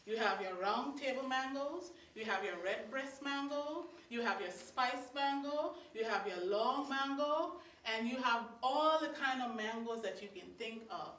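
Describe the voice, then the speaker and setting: Lively Guyanese woman telling stories. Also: a little high, a little slow, hardly any pauses, slight background noise. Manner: lively and chatty, laughing between lines, piling up lists. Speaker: storyteller. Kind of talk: live storytelling to an audience. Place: meeting hall of a religious society. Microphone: distant room mic. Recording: echoey hall from far off.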